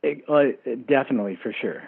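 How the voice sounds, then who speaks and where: A man's voice: mid-range voice, animated, fairly quick, vocal fry, husky. A man calling a radio show who asks his questions hesitantly and with many fillers. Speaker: caller. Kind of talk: phone-in question. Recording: tinny phone line.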